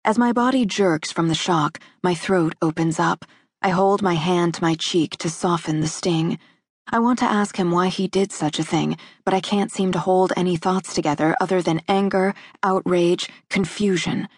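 A woman audiobook narrator, low-voiced with a breathy, husky grain, gives a measured and intimate reading of a first-person romance. The studio recording is dry and close, with no room around it and no echo.

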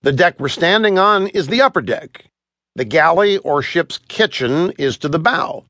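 A man's voice: on the high side, expressive, unhurried, pushed and bright, dry recording, heavily acted. A man voicing a kindly adult pilgrim leader in a children's audiobook, explaining things in a friendly way. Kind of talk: audiobook character voice.

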